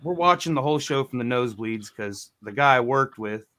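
A man's voice: medium pitch, fairly quick. A man in his forties telling a rambling, profane story in a casual podcast chat. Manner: rambling, profane, animated quoting. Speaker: podcast co-host.

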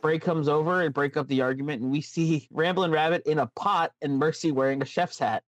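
A man co-hosting a relaxed podcast, spinning a story in quick, chatty bursts. His voice sits a bit high and the room sounds dry and close. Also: no room sound. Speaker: podcast co-host. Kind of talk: casual chat, recapping a made-up wrestling show.

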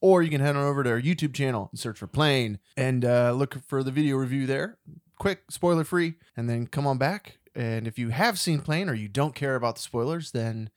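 A man's voice: medium pitch, fairly quick, no room sound, studio quality. A man co-hosting a podcast, explaining the show format and chatting casually about a movie. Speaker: podcast co-host. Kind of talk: casual movie review chat.

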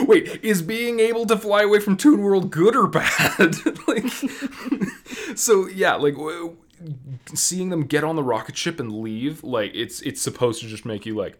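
A man hosting a casual movie review chat, animated and sarcastic, laughing often. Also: high voice, slow. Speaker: movie review podcast host.

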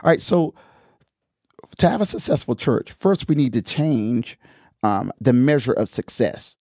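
A podcast host talks casually about church and drifts into preaching, animated, laughing often and repeating phrases for emphasis. He has a medium-pitched voice and speaks a little slowly, in a dry, studio-quality recording.

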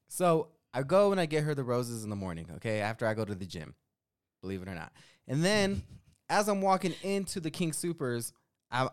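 A man's voice: lowish voice, clear, resonant tone, no room sound, studio quality. A man co-hosting a podcast, telling a story in casual chat, swearing and laughing as he goes. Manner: animated, swearing, laughing at his own story. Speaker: podcast co-host.

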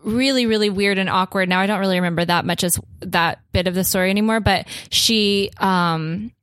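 A young woman tells a rambling story on a podcast, filling it with "like" and "um." Her pitch sits in an ordinary middle range. The recording is close and dry, with no room sound. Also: fairly quick, fairly bright tone, dry recording. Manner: chatty, heavy use of "like" and "um"; acts out others' lines in a raised voice. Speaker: podcast guest. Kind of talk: casual storytelling.

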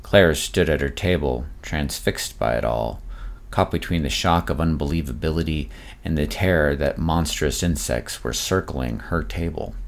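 A man narrating a mystery story in a measured, dramatic storytelling delivery. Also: rumbling low, vocal fry. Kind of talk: scripted audiobook narration.

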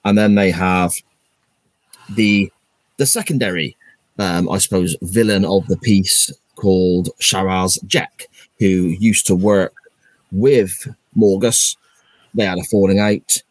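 A deep-voiced man with a husky grain co-hosts a casual podcast chat, taking his time to explain each plot point. The sound is dry and close, with no room around it. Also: slow, no echo. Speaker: podcast co-host.

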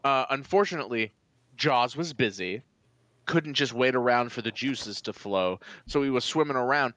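A man co-hosting a casual podcast, rambling in a deadpan mock-expert way with many fillers. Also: mid-range voice, moderate pace, no echo. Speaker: podcast co-host. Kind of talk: casual comedic chat.

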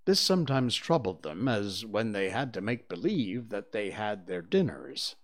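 Slow, animated male storyteller. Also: lowish voice. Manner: expressive, animated. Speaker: narrator. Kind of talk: storybook reading.

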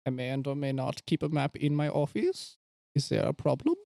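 A man's voice: fairly high pitch, big pitch swings, fairly quick, creaky, mellow, no room sound, studio quality. A man voicing a shifty, creepy male scientist in a tabletop game. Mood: sly.

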